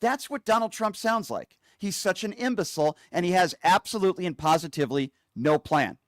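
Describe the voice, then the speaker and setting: A man's voice: high-pitched, expressive, brisk, no room sound, clean studio sound. Male talk show host, angry mocking rant. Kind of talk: opinionated political commentary.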